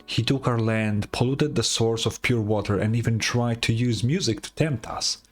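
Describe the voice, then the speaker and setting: A man's voice: mid-range voice, normal speed, soft background music, close to an everyday voice. A man voicing a boastful, pompous male rebel leader who tells his tale in grandiose tones. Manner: grandiose storytelling.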